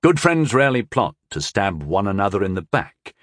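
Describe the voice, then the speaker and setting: A guarded male court wizard from an audiobook, answering politely while holding back, as a man puts him on. The voice drops low and quiet, with measured, deferential phrasing. It is recorded close and dry. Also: big pitch swings, no room sound. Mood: restrained. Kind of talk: audiobook character voice.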